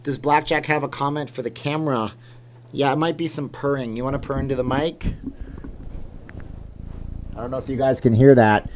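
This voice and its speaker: Man, from Canada, livestream host, casual rambling chat, reading viewer comments, mid-pitched voice. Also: brisk, a little hiss or hum. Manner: chatty, rambling, reacts aloud to chat comments. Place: home room with green screen.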